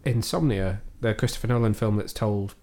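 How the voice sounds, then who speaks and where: A man's voice: on the low side, moderate pace, dark tone. A man hosting a casual film review podcast from home, thoughtful and a little hesitant as he weighs his opinions. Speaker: podcast host. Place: at home, cat on the desk.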